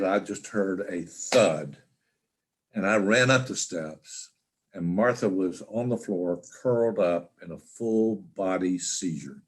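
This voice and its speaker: An older man speaks low and deep, unhurried as he tells a personal story over a video call. He stops and restarts often and fills gaps with "uh" and "um". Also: fairly bright tone. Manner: halting, with frequent restarts and fillers. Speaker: interview guest.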